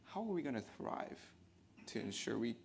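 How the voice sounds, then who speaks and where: A man's voice: mid-range voice, very animated, moderate pace, vocal fry, a little hiss or hum. A man moderating a panel, chatty and loose in his questions. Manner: chatty, loose, full of fillers and restarts. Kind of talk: panel discussion.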